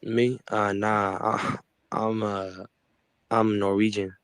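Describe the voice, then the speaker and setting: A man's voice: lowish voice, level tone, slow, fairly bright tone, clean tone, no echo. A man from Washington State calling in, speaking hesitantly with many fillers. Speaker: caller.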